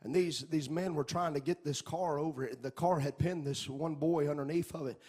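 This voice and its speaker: A man with a high, husky voice delivers a fiery sermon. He chants his lines in a sing-song rhythm and swells into shouting, then eases back into a hushed, conversational telling. The breathy edge stays through it all. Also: fairly even intonation, moderate pace. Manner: sing-song preaching rising to shouts, then quiet storytelling. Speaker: preacher.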